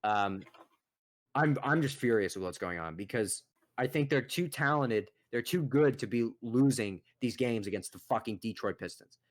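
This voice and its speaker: A young man co-hosting a casual sports podcast, ranting in a profane, exasperated, animated way. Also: mid-range voice, normal speed. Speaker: podcast co-host.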